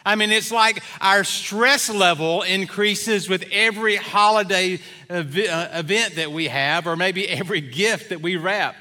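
A man's voice: sits high, measured pace, bright, forceful tone. A middle-aged male pastor giving a sermon in a church, telling folksy stories with many fillers. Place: church sanctuary.

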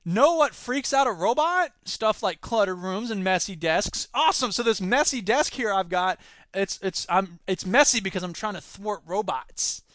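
A man's voice: high-pitched, animated, moderate pace, a bit bright, dry recording. A man hosting a solo podcast, commenting on news with sarcastic, rambling asides. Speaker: podcast host.

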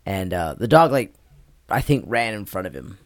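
On a podcast, a male co-host rambles through a secondhand story for his friends, laughing as he goes. His voice is lowish and sing-song at normal speed. It's clean studio sound with no echo.

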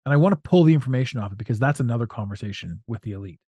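Animated male podcast host, dry sound. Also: medium pitch, very fast, slightly rough, no echo, muffled recording. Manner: animated, acts out voices and jokes. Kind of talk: casual podcast chat.

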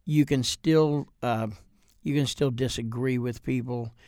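A man with a Midwestern American accent, a pastor co-hosting a podcast, speaking gently and affirming his co-host. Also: mid-range voice, fairly even intonation, measured pace, dry recording, clean studio sound. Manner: gentle, affirming, says "amen". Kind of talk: casual podcast talk.

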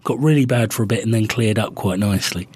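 A man's voice: lowish voice, fast talker, darkish tone, slightly rough, no room sound. A man co-hosting a casual chat podcast, telling rambling stories with lots of restarts. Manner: rambling, chatty storytelling with many restarts. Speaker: podcast co-host.

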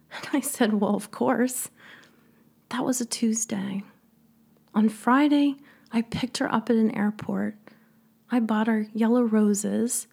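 A middle-aged woman telling a personal story with deep feeling, often dropping to a soft whisper. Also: creaky, husky. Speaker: speaker and coach.

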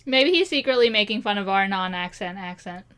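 A woman from Maryland co-hosting a podcast in casual chat, playful and quick to laugh. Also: mid-range voice, animated, fairly bright tone, clear, resonant tone. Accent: Maryland American. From Maryland, USA. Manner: giggly, playful, quick asides. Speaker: podcast co-host.

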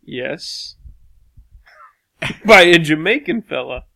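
A man's voice: fairly high pitch, slow, creaky. A young man co-hosting a podcast, telling made-up stories with a straight face and laughing at them. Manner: deadpan tall tales, laughing. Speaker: podcast co-host. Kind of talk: casual joking banter.

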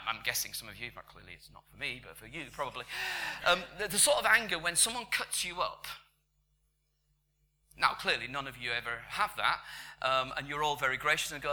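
A man preaching a sermon in church, conversational, dropping to whispers and rising to loud emphatic bursts. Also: medium pitch, a little hiss or hum.

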